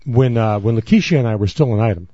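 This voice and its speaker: A man's voice: mid-range voice, fast, mellow, no echo, highs cut off. A man co-hosting a podcast, rambling through stories and repeating himself as he acts out scenes. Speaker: podcast co-host. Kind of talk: casual banter and storytelling.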